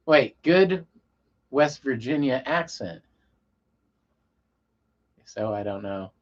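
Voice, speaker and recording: A man's voice: mid-range voice, expressive, takes it slowly, pauses often. A man from Colorado hosting a casual late-night livestream, rambling in a laid-back way and often trailing off into a mumble. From Colorado, USA. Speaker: livestream host. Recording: dull lo-fi sound.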